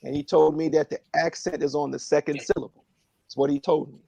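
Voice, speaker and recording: Earnest man with a gravelly voice. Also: fairly high pitch, level tone, warm tone, no echo, lo-fi sound. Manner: earnest, reflective, halting with fillers. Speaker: prayer line speaker. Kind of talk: casual testimony on a phone prayer line.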